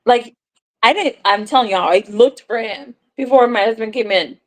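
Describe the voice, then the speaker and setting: Animated woman telling a casual story. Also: a little high, normal speed, poor audio. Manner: animated storyteller, acts out dialogue, swears casually. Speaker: crochet content creator on a livestream. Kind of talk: casual livestream chat, storytelling.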